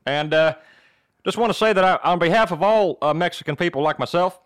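A man doing a put-on Southern American accent as a proud Mexican-born man giving a halting heritage speech. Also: high-pitched, a bit bright, smooth, no echo, clean studio sound. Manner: halting, stumbling over Spanish words.

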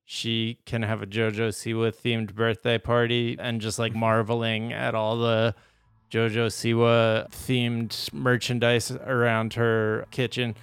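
A man hosting a podcast, chatting in a relaxed, self-amused way and reading the show's sign-off. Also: medium pitch, unhurried, few pauses, clean tone, no room sound. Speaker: podcast host. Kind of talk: casual chat.

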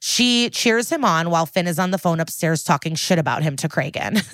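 A woman's voice: on the low side, lively intonation, normal speed, fairly bright tone, no room sound. A young woman co-hosting a podcast, casually recapping a TV episode, storytelling with quoted lines, laughs and swearing. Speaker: podcast co-host.

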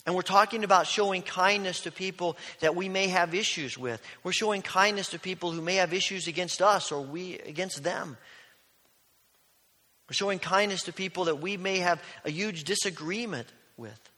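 A male pastor preaching a sermon, telling stories earnestly and dropping to a hush on key lines. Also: high voice, normal speed. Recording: long reverb of a large hall.

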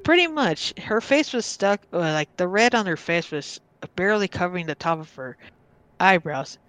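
A woman's voice: fairly low pitch, expressive, moderate pace, fairly bright tone, no room sound. A woman guest on a podcast, casually telling a personal story and often stopping to restart or repeat her words.

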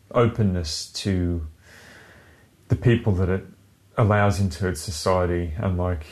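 A man's voice: low voice, a little mellow. A man co-hosting a casual podcast chat, rambling, swearing freely and laughing often. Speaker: podcast co-host.

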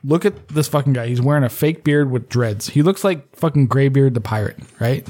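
A man's voice: medium pitch, brisk, darkish tone. A man hosting a podcast in casual chat, ranting and swearing freely. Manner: profane, ranting. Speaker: podcast host.

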